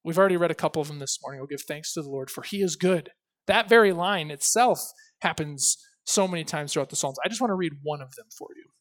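A male pastor with a fairly high voice preaches an emphatic sermon, swinging between loud and soft. He slows down to stress key phrases and reads scripture aloud with expression.

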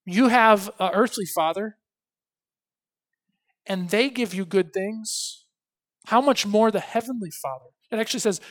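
A pastor preaching a sermon, emphatic, slowing down to stress key phrases and swinging between loud and soft. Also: male voice, high-pitched. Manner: reads scripture aloud with expression.

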